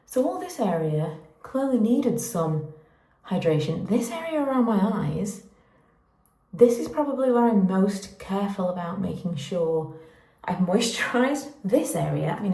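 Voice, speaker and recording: A woman's voice: mid-range voice, warm tone. A woman in her thirties chatting casually to camera at home as a vlogger, enthusiastic and self-deprecating. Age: 30s.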